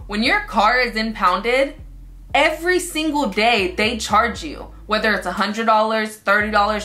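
A young woman vlogger retelling a recent story, animated and acting out each quote. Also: medium pitch. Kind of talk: storytime vlog.

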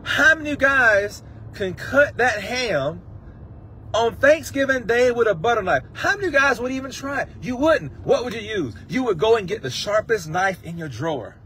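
A man's voice: very high voice, very animated, moderate pace, bright, forceful tone, slight background noise. A man preaching a sermon on a livestream, impassioned and emotional, breaking into song. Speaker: pastor. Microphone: livestream phone mic.

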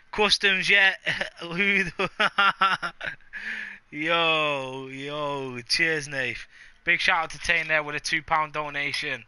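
A man's voice: on the high side, takes it slowly, sharp tone, clean tone, dry recording. A man streaming a video game live, hyped and boastful, trash-talking and joking with his chat. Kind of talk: live gaming stream banter.

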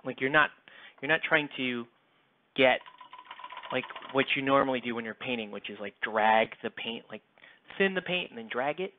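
A man's voice: mid-range voice, normal speed, pauses often, slight background noise. An American man chatting casually with viewers while painting a miniature on a live stream, rambling and joking as he works. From United States. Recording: tinny, lo-fi, close dry mic.

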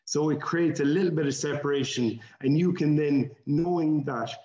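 A man, a coach on a webinar panel, giving measured, steady advice. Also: a little high. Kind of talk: calm discussion. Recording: roomy, dull video call audio.

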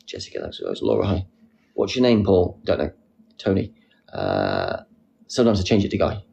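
A young man hosting a casual live stream, reading out comments with a playful, silly manner and sudden squeaky jokes. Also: wildly swooping pitch, normal speed, gravelly, warm tone. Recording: faint background noise.

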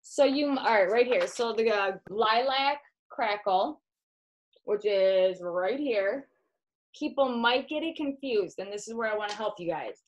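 A chatty woman with a Midwestern American accent walks a new recruit through products at home. She talks casually while handling items, with an everyday mid pitch. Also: a little slow, lo-fi sound, a little hiss or hum. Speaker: direct sales consultant. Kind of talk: casual home video demo.

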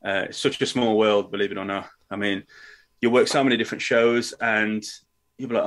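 A young adult wrestler from England chats as a podcast guest, telling stories in a casual, friendly way and saying "mate." His voice is fairly low with a steady tone at normal speed.

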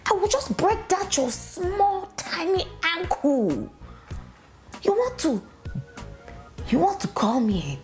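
A woman's voice: very high-pitched, big pitch swings, slow, pauses often, faint music behind, voice pushed up, full character voice. A woman playing an aggrieved, defensive TV anchor with a Nigerian accent in a comedy parody, ranting and pleading. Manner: exasperated ranting, swings to pleading and whispered insults.

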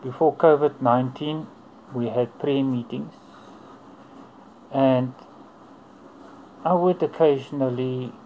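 A man's voice: medium pitch, steady tone, darkish tone, a little hiss or hum, poor audio. Earnest man giving testimony. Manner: earnest, unhurried, in short broken phrases. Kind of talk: personal faith testimony.

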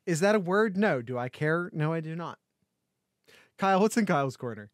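A man's voice: on the high side, lively intonation, normal speed, no echo, studio quality. Joking, rambling man co-hosting a podcast. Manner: joking, rambling, with many restarts. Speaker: podcast co-host. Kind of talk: casual chat.

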